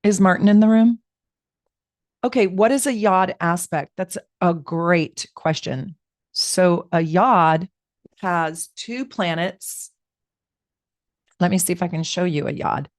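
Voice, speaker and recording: A chatty woman astrologer reads charts on a live stream from home, rambling and talking right to her viewers. Her voice sits fairly low, in a dry, close room. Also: steady tone, moderate pace, a little mellow, dry recording. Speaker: astrologer giving live readings.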